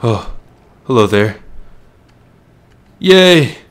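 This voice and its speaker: A man's voice: mid-range voice, big pitch swings, extremely slow, a little hiss or hum. A man hosting a let's play, making casual joking asides as he plays. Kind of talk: casual gameplay commentary.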